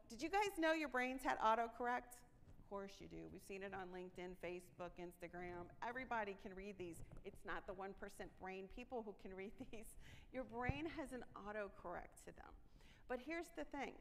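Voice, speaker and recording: A woman's voice: fairly high pitch, slight background noise. Woman presenting in a reverberant hall. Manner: engaging, asks the audience rhetorical questions, jokes. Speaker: conference speaker. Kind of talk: conference presentation to a live audience. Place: conference hall with an audience.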